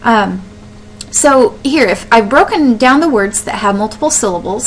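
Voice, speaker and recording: A woman teacher explaining poetry step by step, sounding words out slowly to show where the stress falls. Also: on the high side, expressive, a little hiss or hum, rough recording. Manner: explains step by step, with fillers and restarts. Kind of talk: classroom lesson on poetry.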